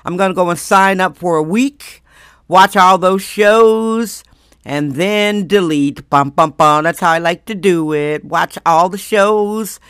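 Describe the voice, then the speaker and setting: Blunt, slightly hoarse woman podcast host. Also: fairly low pitch, no echo, clean studio sound. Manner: blunt, emphatic, drawn-out stresses. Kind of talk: opinionated monologue.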